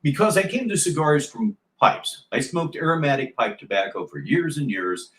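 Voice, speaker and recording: A man's voice: a little high, big pitch swings, normal speed, fairly bright tone, reverberant. A man hosting a livestream, chatting casually and sarcastically, rambling between played clips. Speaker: livestream host.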